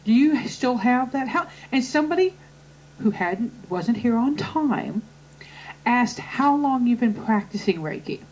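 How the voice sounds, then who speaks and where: A woman hosting an interview, chatty and relaxed, with easy laughs. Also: fairly high pitch, a little slow, poor audio. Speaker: host. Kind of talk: casual interview chat.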